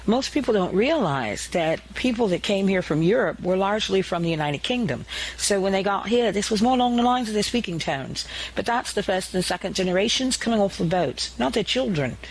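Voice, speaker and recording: Southern American man, high voice, folksy explainer who demos accents. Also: slight background noise, low-quality recording. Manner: folksy, demonstrates accents as he talks. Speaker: commentator. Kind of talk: explanatory monologue.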